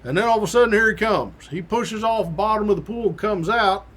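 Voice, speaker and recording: A man's voice: high-pitched, lively intonation, fairly quick, a bit bright. Folksy man telling a story. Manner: folksy and colloquial, with mild swearing; acts out the quoted voices of others. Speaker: host recounting his academy days. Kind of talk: casual spoken storytelling.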